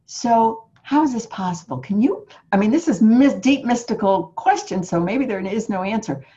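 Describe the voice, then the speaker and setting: A woman's voice: fairly high pitch, expressive, normal speed, dark tone. A woman interviewer in a reflective spiritual conversation, telling her story earnestly and asking searching questions. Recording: slightly muffled lo-fi recording.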